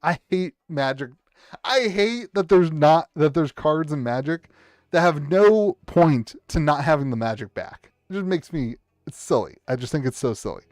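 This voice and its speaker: Seated at a table in his home streaming setup, a man opens card packs for viewers live, hyping big pulls with excited cheers and shouts. His voice is on the high side at normal speed, and he rambles with frequent restarts. The sound is dry and clean, like a studio.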